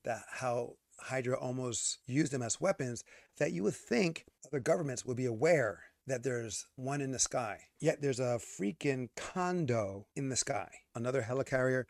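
A man co-hosting a casual movie review, ranting and arguing in an animated way. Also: mid-range voice, moderate pace, creaky, dry recording, studio quality. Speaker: podcast co-host.

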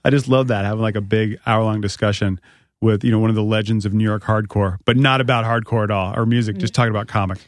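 A man's voice: on the low side, steady tone, quick pace, no echo, clean studio sound. A man co-hosting a podcast, chatting with enthusiasm and poking fun at himself. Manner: enthusiastic, self-mocking. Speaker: podcast co-host. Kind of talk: casual chat.

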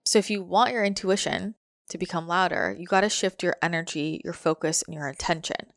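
A woman's voice: on the low side, fairly quick, a bit bright, no echo, clean studio sound. A woman giving a casual, reflective motivational monologue, full of fillers like "like" and repeated phrases.

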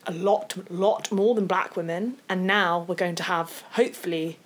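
A woman's voice: fairly low pitch, fairly even intonation, moderate pace. A woman co-hosting a podcast in casual chat, talking enthusiastically with emphatic repetition. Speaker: podcast co-host.

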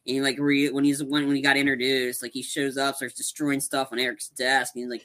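A podcast co-host recaps a movie in casual chat, rambling animatedly and restarting often. His mid-range voice is bright and forceful, with a level tone and a fairly quick pace.

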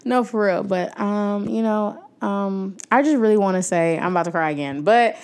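A woman's voice: medium pitch, moderate pace, smooth. A young woman hosting her own podcast, talking casually and emotionally to her listeners, with many fillers and frequent thanks. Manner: warm-hearted, emotional, many fillers, talks to listeners as y'all. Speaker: podcast host. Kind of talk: casual heartfelt podcast outro.

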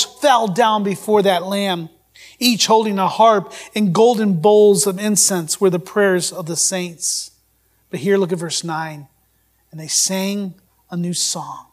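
A man with a high voice preaches to his congregation. He reads scripture aloud and asks his listeners questions as he goes. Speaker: pastor. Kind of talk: sermon.

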